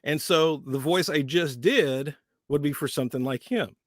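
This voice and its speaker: A man, a voice actor guest, chatting in an animated, playful way during an interview. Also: fairly high pitch, normal speed, dry recording, clean studio sound. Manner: animated, laughing, playful storyteller. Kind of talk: casual interview chat.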